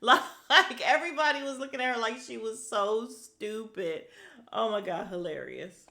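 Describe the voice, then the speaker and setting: A woman's voice: fairly high pitch, unhurried, creaky, bright, forceful tone. A woman hosting a podcast, recapping a reality show in a casual, blunt way, swearing freely and laughing often. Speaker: podcast host.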